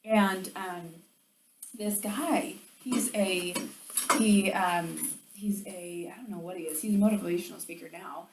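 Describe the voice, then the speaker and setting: A woman's voice: on the low side, a little slow, background noise. Chatty woman trainer in a roomy, echoey space. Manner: animated, chatty, many "like"s, acts out quotes. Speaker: sales team trainer. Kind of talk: motivational training talk. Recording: roomy echo, distant mic, faint ambience.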